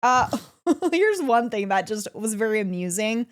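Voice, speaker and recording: A woman co-hosting a casual podcast, telling a story with excitement and laughing often. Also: a little high, measured pace, a little hiss or hum. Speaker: podcast co-host.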